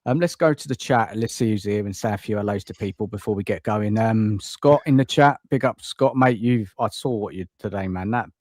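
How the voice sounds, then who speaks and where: A man's voice: lowish voice, fairly quick, hardly any pauses, a little mellow, no room sound, studio quality. A man hosting a live stream, laid-back and friendly. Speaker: host.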